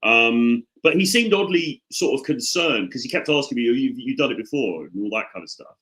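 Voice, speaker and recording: A man telling rambling, deadpan stories on a casual podcast, full of restarts. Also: medium pitch, a little fast, poor audio. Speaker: podcast co-host.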